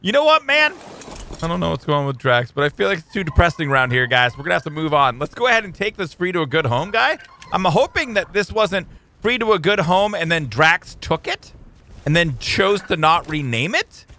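An excitable man narrating his gameplay in a lively, bouncing voice with a bright edge. He cheers, jokes and coos at his in-game pets, over a faint hiss. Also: on the high side, a little fast. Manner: excitable, jokey, talks to his tamed creatures. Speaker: gaming YouTuber. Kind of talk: let's play commentary.

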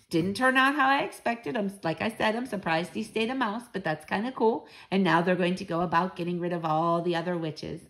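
A woman's voice: fairly low pitch, a little fast, hardly any pauses, a bit bright, low-quality recording. A woman reading a children's book aloud, wrapping up in a friendly, chatty way. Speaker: reader of children's books.

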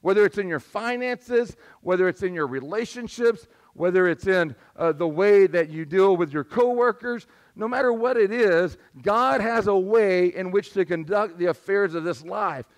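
Male pastor, high voice, squeaky and strained, conversational sermon delivery. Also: normal speed, few pauses. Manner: conversational preaching, asks the congregation for responses. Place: church sanctuary.

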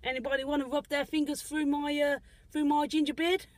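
A woman plays a cheerful male taxi driver with a ginger beard and a shaky put-on South African accent, rambling to viewers on a phone from his parked car. The voice sits high and keeps repeating its greetings in a giggly, improvised comic tone. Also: flat delivery, fairly quick, dry recording, lightly acted, low-quality recording. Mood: cheery. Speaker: parody livestreamer. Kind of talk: improvised comic livestream parody. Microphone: phone livestream at arm's length.

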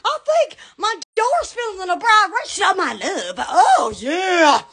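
A woman hosting a rambling live stream, giddy and laughing constantly, breaking into sudden shouts and squeals. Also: extremely high pitch, sing-song, a little slow.

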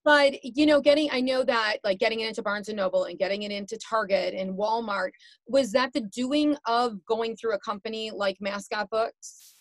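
A woman's voice: on the high side, normal speed, no room sound. A woman hosting an interview, asking questions in a chatty, encouraging way. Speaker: host.

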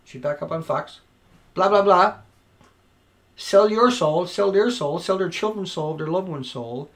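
Loud, swearing man ranting. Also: sits high, measured pace. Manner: profane, shouting and then dropping to quiet. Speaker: video blogger. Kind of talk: angry ranting monologue. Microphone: home recording mic.

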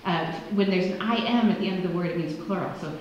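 A woman's voice: on the low side, fast talker, a little hiss or hum. Woman pastor, conversational sermon, big church reverb, slightly dull recording. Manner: conversational, animated storytelling with acted quotes. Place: church sanctuary. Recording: echoey church hall, dull lo-fi sound.

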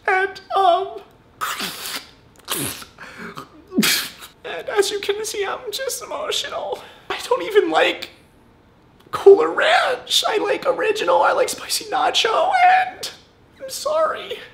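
A man voicing a whiny, over-the-top fake apologizer who wails in a high, squeaky, sob-broken voice for comic parody. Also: big pitch swings, a little slow, vocal fry, fairly bright tone, roomy sound, full character voice. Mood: fake sobbing. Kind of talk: comedic parody.

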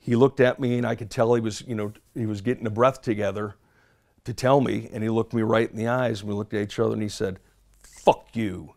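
A man who was a first responder, slowly and deliberately recounting what happened in a played interview clip. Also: on the low side, creaky, darkish tone.

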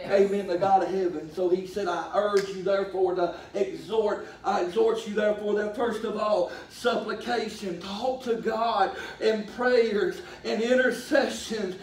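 A middle-aged man preaching a sermon in a folksy way, rising to drawn-out shouts. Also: high-pitched, steady tone. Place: church sanctuary. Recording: echoey church from far off.

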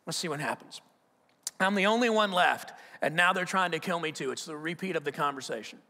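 A man preaching a sermon as pastor, talking conversationally, repeating and restarting words, and growing animated and loud in stories. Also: fairly high pitch, fairly quick. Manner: grows animated and loud when telling stories. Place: church auditorium. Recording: long hall reverb from the church auditorium.

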